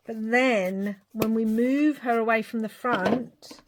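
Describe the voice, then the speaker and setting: A woman's voice: on the high side, slow pace, hardly any pauses, background noise. A middle-aged woman chatting and thinking aloud as she works on a craft project. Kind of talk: crafting vlog commentary.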